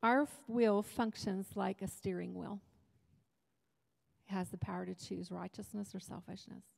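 A woman's voice: mid-range voice, fairly even intonation, normal speed, vocal fry, a little mellow, in a large hall. A woman preaching at a women's retreat, talking to the crowd in a loose, joking way. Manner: conversational, humorous preaching with asides. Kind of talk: sermon. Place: church hall.

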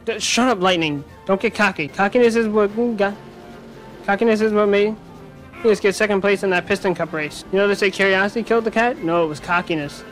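A gaming commentator talks fast through a let's-play of a racing video game, rambling and cracking animated, self-mocking jokes as he plays. His voice sits high for a man, and faint game music plays softly behind him.

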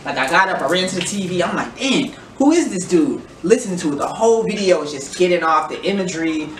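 A man's voice: high voice, animated, fast talker. A man hosting a casual reaction vlog, rambling and joking while putting on a playful fake accent. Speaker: vlogger host. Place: family home. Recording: echoey room, distant mic, noisy.

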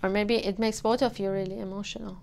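A woman giving a tarot reading to camera, gentle and emotional, with many fillers. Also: mid-range voice, steady tone, brisk, a little hiss or hum. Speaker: tarot reader.

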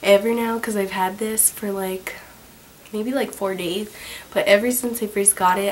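A young woman with a voice hoarse from a cold, chatting casually and upbeat in a home haul video, with lots of fillers. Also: medium pitch, steady tone, normal speed, a little hiss or hum, poor audio. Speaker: vlogger. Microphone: camera on a tripod.

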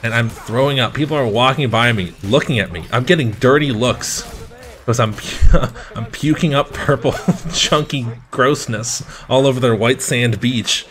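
A man's voice: medium pitch, normal speed, fairly bright tone. A young man casually telling a rambling, profane story while playing a video game, often breaking off to talk to the game. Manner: rambling, profane, laughing, talks to the game between story beats. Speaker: gaming streamer.

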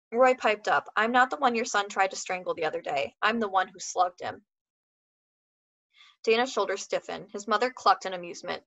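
A woman teacher reading a novel aloud to students, giving the characters' dialogue lively voices, then asking comprehension questions. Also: mid-range voice, normal speed, muffled recording. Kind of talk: classroom read-aloud.

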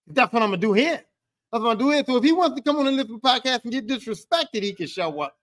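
A man's voice: very high voice, lively intonation, very fast, fairly bright tone. A man hosting a podcast alone, ranting in a heated, profane, repetitive way. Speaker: podcast host. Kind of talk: angry solo podcast rant.

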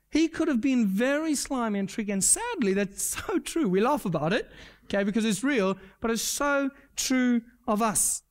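A man's voice: very high voice, animated, normal speed. Earnest preacher man giving a sermon. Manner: earnest, repeats key points, asks the congregation questions; self-deprecating humor. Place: church service.

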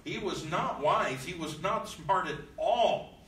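During a Bible lesson in a church room, a man reads old scripture aloud and follows with casual, plain explanation. His high voice has lively intonation and a fairly bright tone, and his pace is slow. An echoey room, distant mic and slight background noise mark the recording.

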